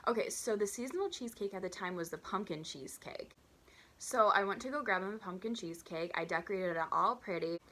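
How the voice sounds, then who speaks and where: A woman in her twenties telling a storytime vlog, chatty and animated, acting out customers and her own waitress voice. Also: medium pitch, brisk, slight background noise. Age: 20s. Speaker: vlogger.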